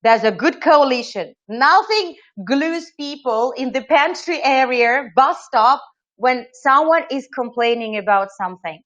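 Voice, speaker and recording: A woman running an online training webinar, lively and asking her audience questions. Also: sits high, measured pace. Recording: slightly dull lo-fi audio.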